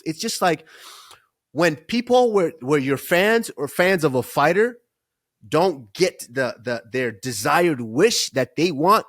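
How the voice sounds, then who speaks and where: A man co-hosting a fight podcast in casual chat, laid-back and drawn-out, laughing easily as he breaks down matchups. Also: on the high side, big pitch swings, dry recording, clean studio sound. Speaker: podcast co-host, fight analyst.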